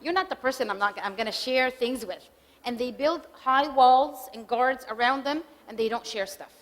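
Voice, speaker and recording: Woman lecturing in an echoing hall. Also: high-pitched. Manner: conversational, acts out spouses' lines in quick examples. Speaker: speaker giving a talk. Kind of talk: marriage workshop talk. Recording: reverberant hall recording.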